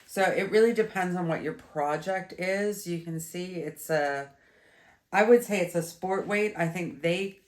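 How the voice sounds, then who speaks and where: Slow, low-voiced stuffy woman. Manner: chatty, meandering, with many fillers and restarts. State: stuffy, congested. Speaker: yarn reviewer. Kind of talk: casual video review. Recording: roomy echo.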